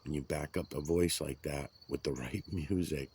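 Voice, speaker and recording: A man's voice: extremely low pitch, normal speed, darkish tone, breathy edge. A man rambling and ranting outdoors, swearing often. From United States. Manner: profane, ranting. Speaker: vlogger.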